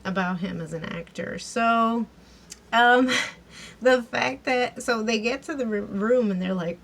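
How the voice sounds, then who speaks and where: A woman's voice: medium pitch, fairly even intonation, measured pace, vocal fry, poor audio. A woman giving a casual recap and review of a TV episode, chatty and giggly, with lots of fillers and restarts.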